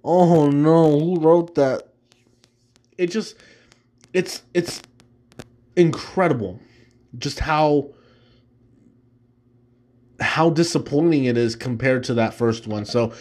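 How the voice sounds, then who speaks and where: A man's voice: medium pitch, animated, slow pace, long pauses, darkish tone. Rambling man hosting a movie chat. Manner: rambling, many fillers and restarts, laughs easily. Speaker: host. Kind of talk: casual solo chat ranking movies.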